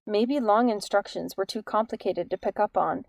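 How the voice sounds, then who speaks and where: A woman reading an audiobook in an even, measured storytelling manner. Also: medium pitch, creaky, dry recording. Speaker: audiobook narrator. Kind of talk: scripted narration.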